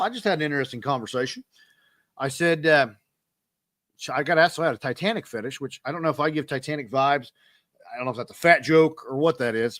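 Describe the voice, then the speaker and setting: A man's voice: mid-range voice, a bit bright, no echo, studio quality. A man, hosting a podcast and telling rambling, self-deprecating stories in a casual monologue. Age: 30s. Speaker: podcast host.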